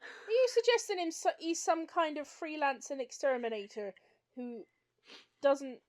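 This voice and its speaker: A woman's voice: sits high, sing-song, measured pace, a little mellow. A woman improvising a nosy neighbour who teases and pokes at the others' stories with questions. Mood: teasing. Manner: teasing, prodding questions. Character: nosy neighbour Gertie, teasing cat owner. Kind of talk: improvised tabletop role-play.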